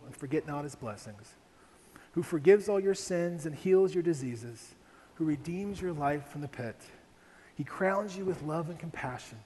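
A man's voice: fairly high pitch, expressive, normal speed, warm tone, a little hiss or hum. A young man from Ohio preaching a sermon, telling a family story with frequent rhetorical questions to the congregation. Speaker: pastor. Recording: long reverb of a large hall, faint ambience.

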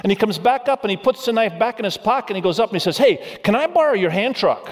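A man's voice: high-pitched, animated, fast. A middle-aged male pastor giving a sermon, telling a humorous story and asking the congregation questions. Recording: reverberant hall sound.

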